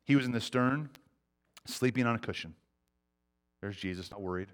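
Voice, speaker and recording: A middle-aged man preaching a sermon, earnest, swinging between loud urgency and quiet intensity. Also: mid-range voice, brisk, pauses often. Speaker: pastor.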